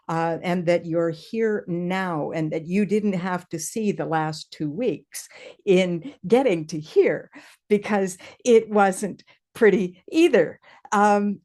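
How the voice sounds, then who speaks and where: A woman's voice: mid-range voice, darkish tone. A woman hosting an online meeting, enthusiastic, thanking people and inviting them to speak. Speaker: meeting host. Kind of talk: casual online meeting talk. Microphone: video call.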